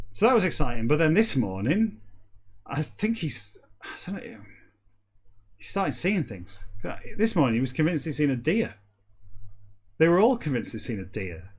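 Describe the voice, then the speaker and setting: Male host, deadpan comic reader, chatty asides. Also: on the high side. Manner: slow deadpan reading, quick chatty asides. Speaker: podcast host. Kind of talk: comic reading of a novel backwards, then rambling aside.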